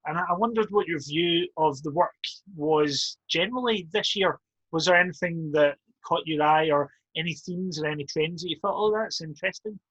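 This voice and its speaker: A man interviewing an awards chair, asking questions in a measured, polite way. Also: on the high side, fairly bright tone, breathy edge, dry recording, dull audio.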